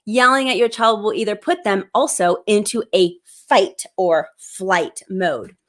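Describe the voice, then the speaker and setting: A woman's voice: mid-range voice, measured pace, fairly bright tone. Upbeat woman hosting live parenting advice. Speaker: parenting show host. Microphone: plug-in microphone.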